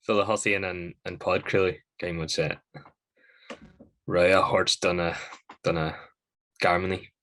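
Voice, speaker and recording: Slow-talking, low-voiced man. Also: steady tone, fairly bright tone. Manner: laid-back, chuckling reactions. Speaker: podcast host. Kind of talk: casual chat.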